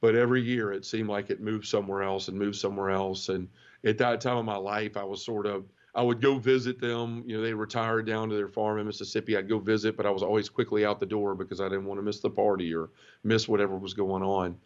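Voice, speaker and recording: A middle-aged man from the southern United States, giving an emotional personal testimony in an interview, halting and full of restarts. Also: lowish voice, flat delivery. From Memphis area, southern United States. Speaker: guest. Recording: dull lo-fi audio.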